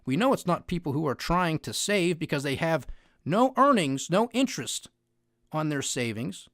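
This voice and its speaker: A man's voice: on the high side, sing-song, moderate pace, a bit bright, no echo, studio quality. A man giving an opinionated monologue on finance news, sarcastic and mocking, with heavy emphasis.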